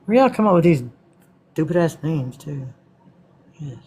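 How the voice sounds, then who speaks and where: A man's voice: a little high, sing-song, measured pace, darkish tone, husky. A man with a Texan accent hosting a live stream, reading from a script and breaking off to answer viewers in a casual, swearing manner. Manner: casual, profane asides to viewers.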